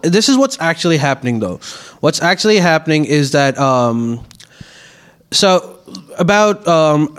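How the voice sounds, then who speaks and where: A man on a comedy podcast, explaining things at length in casual chat with frequent restarts and fillers. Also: mid-range voice. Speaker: podcast co-host.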